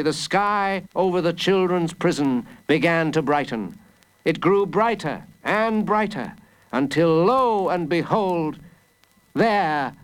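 A man reading a children's adventure story aloud in an expressive, dramatic way. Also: high voice, low-quality recording. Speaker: narrator.

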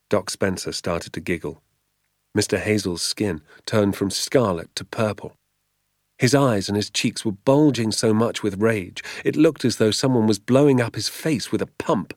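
A man narrating a children's novel aloud in a measured, expressive storytelling manner. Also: fairly low pitch, no echo, studio quality. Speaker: audiobook narrator. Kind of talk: storybook reading.

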